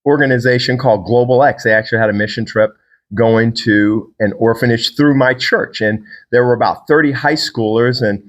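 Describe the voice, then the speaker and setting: A man's voice: mid-range voice, normal speed. A man from Virginia, a fitness trainer and podcast host, talking to the camera in a casual, rambling, enthusiastic solo monologue.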